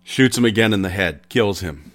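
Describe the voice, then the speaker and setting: A man hosting a podcast, retelling an old crime story in an unhurried, conversational way with pauses. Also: on the low side, animated, a bit bright. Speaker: podcast host.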